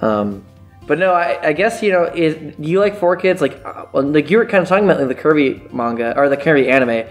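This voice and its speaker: A man's voice: fairly high pitch, lively intonation, brisk, faint music behind. A man chatting as a podcast guest, hesitant and full of fillers, often trailing off. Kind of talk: casual podcast chat.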